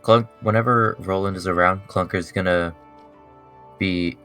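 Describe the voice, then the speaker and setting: A man's voice: sits low, steady tone, measured pace, pushed and bright, clean tone, no echo, soft background music. A young man chatting casually as a player in a tabletop game, playful and laughing often.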